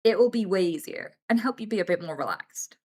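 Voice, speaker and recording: A woman's voice: medium pitch, sing-song, brisk, a little mellow, husky. A young woman streaming live and giving blunt, sweary advice to her chat, often acting out the people she quotes.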